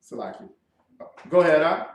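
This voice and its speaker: A man's voice: on the high side, animated, normal speed, gravelly, muffled recording. A man giving a classroom sermon as a religious teacher, preaching with lots of rhetorical questions. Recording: echoey room, distant mic.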